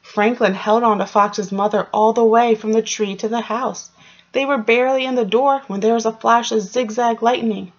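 A woman teacher reading a storybook aloud to young children, gently explaining and asking them questions, in a dull lo-fi recording. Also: on the high side, steady tone, normal speed.

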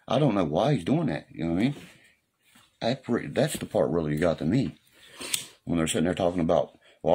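A man's voice: low voice, a little mellow, a little hiss or hum. A man talking casually on a live stream in a rambling, profane way, often asking if you know what he means. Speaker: livestreamer. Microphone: phone or webcam on a live stream.

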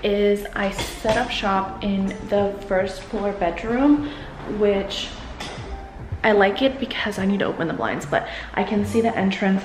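A woman's voice: medium pitch, a little mellow, a little hiss or hum. A young woman vlogging as a real estate agent, talking casually to the camera with lots of "um" and "like" while she sets up in an empty new house. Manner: chatty, many fillers like "um" and "like". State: a little out of breath. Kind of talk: casual vlog talk to camera. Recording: roomy echo in an empty house.

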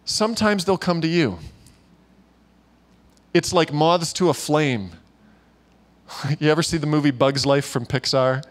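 A man preaching to a church gathering, telling a story in a lively way and acting out the voices of the people in it. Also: a little high, a little slow, pauses often. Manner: animated storyteller who acts out quoted voices and laughs often. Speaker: pastor. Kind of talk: sermon storytelling. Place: church meeting room.

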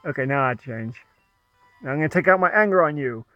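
A man's voice: a little high, lively intonation, fairly quick, no echo, soft background music. A man giving playful, chatty commentary over a video game he is playing. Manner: playful, chatty, laughs at own jokes. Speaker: let's play gamer. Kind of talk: casual gameplay commentary. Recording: dull lo-fi sound.

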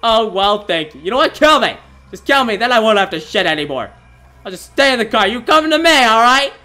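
Lively, bright-voiced teenage boy gamer. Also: high-pitched, a little fast. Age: late teens. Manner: excitable, giggly, yelps and shouts when startled. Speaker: gaming video host. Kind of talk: comedic horror game commentary.

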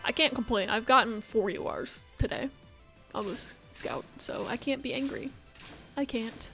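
Girl youtuber chatting thru gacha pulls, kinda high voice, begging and cursing, faint music behind. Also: big pitch swings, a little slow, gravelly, a bit bright. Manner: chatty, pleading and swearing at pulls. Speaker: gaming YouTuber. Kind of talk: casual gacha pull commentary.

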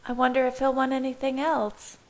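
A woman voicing a gentle, apologetic young woman in a fan fiction reading, in a soft, lifted voice. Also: fairly high pitch, moderate pace, voice pushed up, natural voice.

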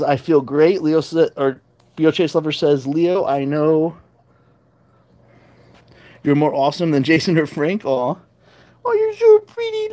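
A livestream host chatting casually, reading viewer comments aloud and answering them, and sometimes cooing at kittens in a high baby-talk voice. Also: darkish tone. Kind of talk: casual live chat with viewers.

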